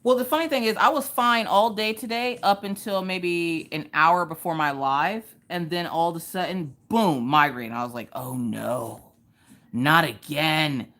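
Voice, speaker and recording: A woman's voice: fairly low pitch, moderate pace, few pauses, a bit bright. A woman, hosting a casual livestream while she does a craft, chatting and telling stories to her viewers. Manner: chatty, storytelling, joking asides to chat. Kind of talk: casual chat while diamond painting.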